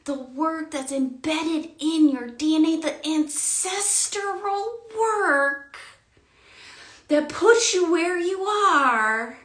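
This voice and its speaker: A woman's voice: very high voice, animated, very slow. Emotional woman in an echoey room. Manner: intense, swings between loud outbursts and quiet murmurs. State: emotional, near tears. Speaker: spiritual vlogger. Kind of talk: emotional spiritual monologue.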